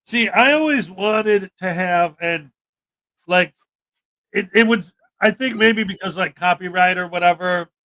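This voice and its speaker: Young guy chatting on his stream, high voice, bright and sharp, acts out the quotes as he talks. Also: measured pace. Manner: animated storytelling, acts out quotes. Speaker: livestream host. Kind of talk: casual chat.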